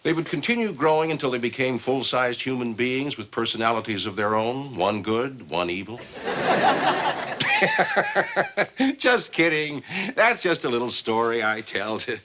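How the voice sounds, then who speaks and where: Actor playing a deadpan family doctor. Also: male voice, mid-range voice, normal speed, few pauses, a little hiss or hum, close to an everyday voice. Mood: dry. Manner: dry, deadpan. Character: deadpan middle-aged male family doctor. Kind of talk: sitcom acting. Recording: TV sitcom audio with laugh track.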